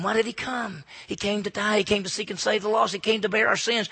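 A man preaching a sermon at a church service, swinging from loud calls to hushed near-whispers. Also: sits high, brisk, gravelly, hardly any pauses, breathy edge. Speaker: pastor.

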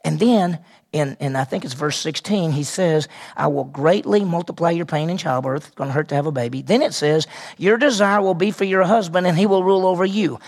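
A man's voice: on the high side, brisk, darkish tone. A man preaching a sermon and teaching through a passage, asking his listeners questions and repeating key phrases. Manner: asks the audience questions and answers them, repeats key phrases.

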